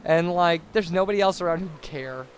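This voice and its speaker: Casual young male commentator, high voice, rambly and chatty. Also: a little fast, a little hiss or hum. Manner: rambling and babbling, lots of fillers and tangents. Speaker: let's play commentator. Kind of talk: casual post-commentary chat over gameplay.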